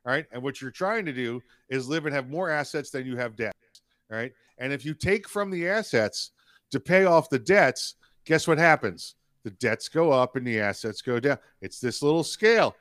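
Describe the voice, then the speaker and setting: A man's voice: mid-range voice, animated, normal speed, a bit bright, no room sound, clean studio sound. A man co-hosting a podcast in casual political chat, telling jokes and stories with a chuckle and a lot of "yeah". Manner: storytelling, chuckling, repeats "yeah". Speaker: podcast co-host.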